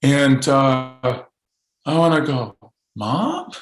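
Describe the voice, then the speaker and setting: A man speaking as a podcast guest, telling his story in an earnest, halting way with frequent restarts. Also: mid-range voice, a bit bright, reverberant, low-quality recording. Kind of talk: podcast interview testimony.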